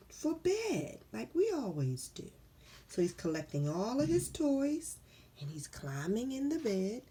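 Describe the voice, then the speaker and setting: A woman reading a picture book aloud to children, slowly and encouragingly, asking them questions. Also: medium pitch, dark tone, a little hiss or hum. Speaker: storybook reader.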